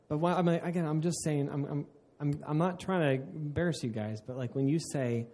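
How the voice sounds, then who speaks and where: A man's voice: on the high side, brisk. A man preaching a sermon in an earnest way, often restarting mid-phrase and laughing at himself. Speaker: pastor.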